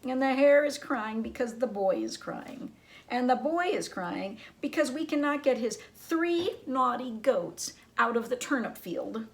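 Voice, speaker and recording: A woman's voice: fairly high pitch, expressive, a little slow, voice pushed up. A woman voicing a male fox who sobs and whines in a storybook tale. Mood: whining. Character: fussy crying male fox.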